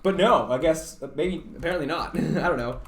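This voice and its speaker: A man's voice: a little high, a little fast. A young man from Canada chatting casually with stream viewers, rambling and stuttering with lots of fillers. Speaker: livestreamer. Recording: roomy echo.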